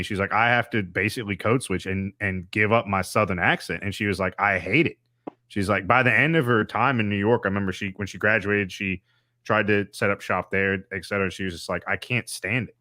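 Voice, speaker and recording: Man, thirties, podcast host, casual rambling chat, lowish pitch, forceful tone. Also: no echo, clean studio sound. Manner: rambling storyteller, many fillers and restarts.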